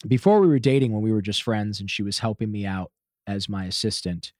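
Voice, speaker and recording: A man guest on a podcast, telling a personal story with lively swearing and acted-out quotes. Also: fairly low pitch, fairly quick, no echo, studio quality. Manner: swears freely, acts out shouted quotes. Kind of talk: animated storytelling.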